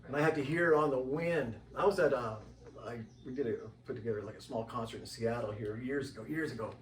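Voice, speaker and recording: A man from Washington State speaking as an interview guest, telling stories in a loose, rambling way full of "you know," and slipping into higher voices when quoting others. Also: fast talker, slight background noise. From Washington State, USA. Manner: acts out quoted voices in a higher pitch. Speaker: interview guest, tribal member. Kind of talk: rambling conversational storytelling. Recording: roomy, distant mic, faint background ambience.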